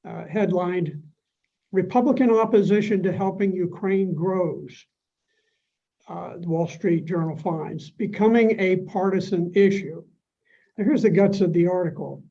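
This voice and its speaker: A man delivers a prepared speech in a dramatic, declamatory manner. His voice is high and mellow, and he speaks slowly. The audio is dull and lo-fi. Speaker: panel speaker.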